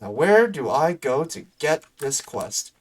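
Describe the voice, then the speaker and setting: A man's voice: fairly high pitch, very animated, unhurried. A man streaming a game live, making joking self-deprecating asides between dialogue.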